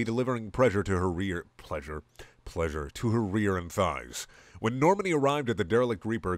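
Deadpan low-voiced man reading aloud. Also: dry recording. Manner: deadpan, swears at his own slips. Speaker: reader of comedy fan fiction. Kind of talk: mock-serious dramatic reading.

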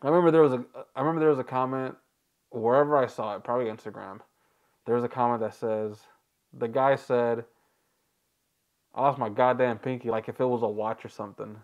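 A man's voice: medium pitch, quick pace, phone-quality sound. Rambling, joking male reaction host. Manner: rambling, joking, laughing between lines. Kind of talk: casual reaction commentary.

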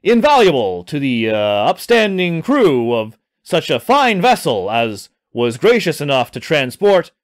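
A man doing a flustered young time traveller who trips over his words, filling every gap with stammers and hasty excuses. The voice sits a touch lower than a storyteller's usual tone and jumps about lively in pitch, as in a spoken storybook. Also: measured pace, no room sound, studio quality.

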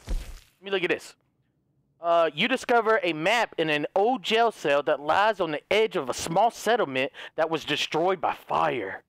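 A hoarse man giving excitable, casual let's-play commentary, cursing freely and chatting to his horse. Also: sits high, dry recording. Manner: excitable, swears often, talks to his horse. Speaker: gaming video host.

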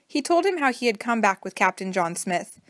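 A woman reading a children's storybook aloud as narrator, in a steady, plain manner. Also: medium pitch, a little fast, no room sound, clean studio sound.

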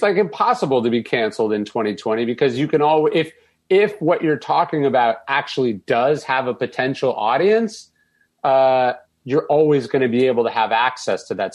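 A man appearing as a podcast guest, speaking in a quick, opinionated way and often correcting himself mid-sentence. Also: mid-range voice. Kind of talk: casual conversation.

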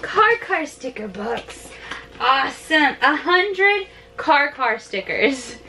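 High, bright-voiced gushing woman vlogger. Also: big pitch swings, takes it slowly. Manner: gushing, emotional, many "like" fillers. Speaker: family vlogger. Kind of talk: casual vlog chat with a toddler.

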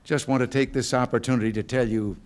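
An older man from the United States giving informal remarks to staff in a hotel function room, with relaxed, folksy storytelling and dry humor. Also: mid-range voice, quick pace, a little hiss or hum. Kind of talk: informal speech with joke stories.

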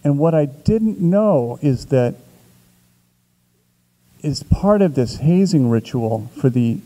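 A man, an author at a Q&A, telling a long, vivid anecdote in a casual way with small restarts, slowing and building as the story grows. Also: mid-range voice, warm tone, poor audio. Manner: vivid, building storyteller who shifts pace for effect. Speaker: author answering a question.

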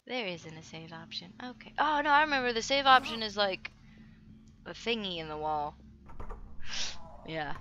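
A young woman giving casual gameplay commentary, chatty and excitable, with loud outbursts and some swearing. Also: mid-range voice, moderate pace, long pauses, highs cut off, soft background music. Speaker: let's play gamer.

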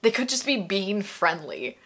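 A woman's voice: medium pitch, big pitch swings, a little slow, fairly bright tone, slightly rough. A woman hosting a video essay commentary. She talks casually and emphatically, often with "like", and asks many exasperated rhetorical questions. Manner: casual, filler-heavy with frequent "like".

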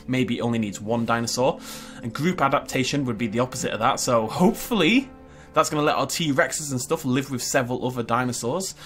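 Chatty New gamer man. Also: medium pitch. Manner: chatty and excitable, thinks aloud. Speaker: gaming YouTuber. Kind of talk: gameplay commentary.

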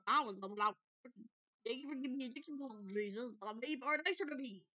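A woman rambling through casual game commentary, excitable and prone to sudden loud outbursts. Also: on the high side, fast talker, no room sound. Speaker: gameplay commentator. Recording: dull lo-fi dry recording.

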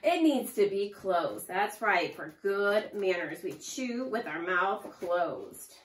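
A woman teaching a preschool lesson to young children, with a slow, sing-song and exaggerated teacher delivery. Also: medium pitch, sing-song. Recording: echoey room, far from mic.

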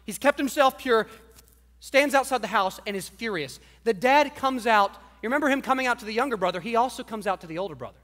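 A man's voice: very high-pitched, lively intonation, fast, a bit bright, big-room sound. A man preaching a sermon in a conversational, emphatic storytelling manner. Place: church.

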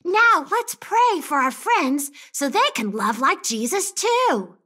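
Woman doing a cheerful boy puppet voice, bright tone, bouncy lively pitch, slow and clear, children's church show. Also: exaggerated voice. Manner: upbeat, encouraging questions to kids. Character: cheerful friendly boy character.

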